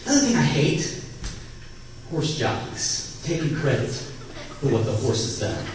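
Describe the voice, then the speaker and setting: Animated young stand-up comic in echoey room. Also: male voice, mid-range voice, normal speed, noisy background. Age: 20s. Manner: animated, jumps into loud shouted character bits. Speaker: stand-up comedian. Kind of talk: stand-up comedy set. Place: comedy club stage with live audience. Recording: echoey room from far off, audience.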